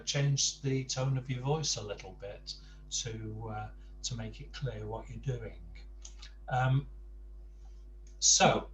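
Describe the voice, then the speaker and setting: A man teaching a Spanish lesson to adult learners, explaining slowly and patiently with frequent ums and uhs. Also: medium pitch. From England. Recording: distant mic with faint hum.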